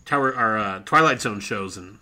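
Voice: mid-range voice, moderate pace, bright, forceful tone, slight background noise. A podcast co-host chatting casually, hesitant and full of fillers.

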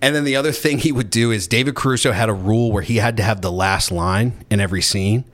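A man with a lowish voice rambles through an anecdote in casual podcast chat. His delivery is sarcastic and laced with swearing, full of asides and restarts. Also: fast, fairly bright tone. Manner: sarcastic, profane, rambling storyteller.

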